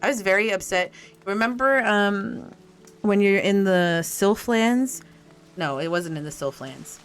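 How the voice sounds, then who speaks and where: A woman's voice: medium pitch, unhurried, clear, resonant tone, soft background music. A young woman streaming a game in casual, sassy chat, laughing often and talking back to the characters.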